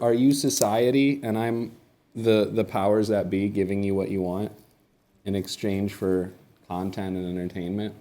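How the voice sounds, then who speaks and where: A man's voice: on the low side, dark tone. A young man rambling and joking in a casual comedic monologue while feeding animals.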